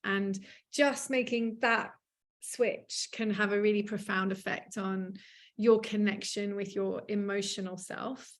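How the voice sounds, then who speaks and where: A woman hosting a podcast, telling stories in a lively, animated way. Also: medium pitch, a little slow. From Australia. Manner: animated storytelling, acts out quoted voices. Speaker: podcast host. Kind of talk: casual podcast chat.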